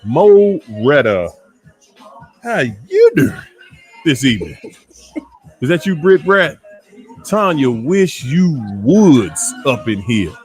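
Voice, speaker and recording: A man speaking African American English from Washington, D.C. hosts a casual livestream, playfully calling out viewers by name and laughing often. His voice is on the high side, very animated, and a little mellow; he speaks slowly with frequent pauses over soft background music.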